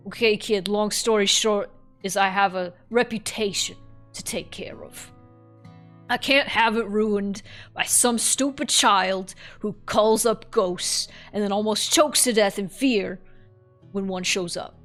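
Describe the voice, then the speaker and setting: A woman voicing a blunt, foul-mouthed female rag doll spirit with a New York accent, gruff and exasperated. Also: medium pitch, a little slow, fairly bright tone, soft background music, natural voice.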